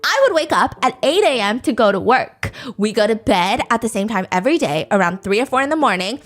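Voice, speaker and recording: A woman's voice: on the high side, very animated, a little fast. A woman voicing a furious young influencer ranting on a livestream, cursing and sarcastic.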